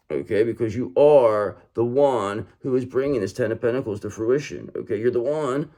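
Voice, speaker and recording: A man's voice: mid-range voice, moderate pace, hardly any pauses, mellow. A man giving a tarot reading straight to his viewers, talking emphatically, repeating himself for effect and checking in with "okay?" and "brother". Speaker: tarot reader.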